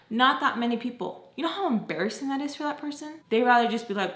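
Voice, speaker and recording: A woman's voice: a little high, fairly quick, a bit bright, slight background noise. A young woman telling a personal story to camera in a chatty, profane way, full of "like" fillers. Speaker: beauty and story-time YouTuber. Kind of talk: casual story-time monologue. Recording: roomy echo.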